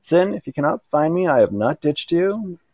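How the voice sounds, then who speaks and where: A man voicing a bold, tall woman with a husky, sultry French accent in an erotic audiobook story. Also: sing-song, moderate pace, a little mellow, no echo. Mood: playful. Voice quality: husky, low.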